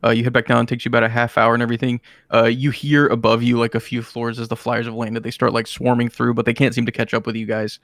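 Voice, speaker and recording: A man's voice: medium pitch, level tone, fast, few pauses, a bit bright, dry recording, studio quality. Rambling man narrating a tabletop game. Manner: rambling, many fillers and restarts. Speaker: game master.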